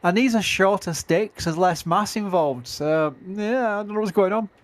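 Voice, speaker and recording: A middle-aged man with a Yorkshire English accent chats casually on a livestream. His voice sits a little high, and he is self-mocking and laughs easily. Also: moderate pace. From England. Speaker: livestream commentator.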